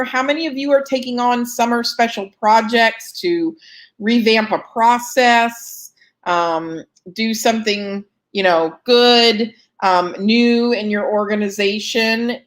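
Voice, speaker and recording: A woman's voice: mid-range voice, a little slow. Chatty woman hosting a live Q&A. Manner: chatty, many ums, self-deprecating asides. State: yawning, short of breath. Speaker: host answering fundraising questions. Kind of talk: live Q&A chat.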